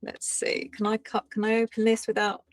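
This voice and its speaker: A woman tarot reader hosting a casual live stream, chatty and excitable, laughing often and greeting viewers by name. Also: on the high side, fast, dry recording, clean studio sound.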